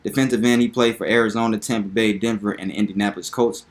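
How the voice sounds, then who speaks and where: A young man with a lowish voice hosts his own sports talk video. He is animated and hyped, and he repeats his points for emphasis in a casual, chatty delivery. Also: fast.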